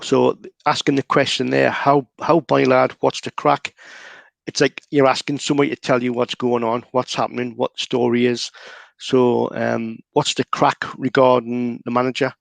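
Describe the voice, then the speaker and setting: A man with a Geordie accent explaining local words and places in a relaxed, chatty way, with plenty of fillers. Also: medium pitch, moderate pace, vocal fry, dry recording. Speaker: local guide. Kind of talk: casual explanatory chat.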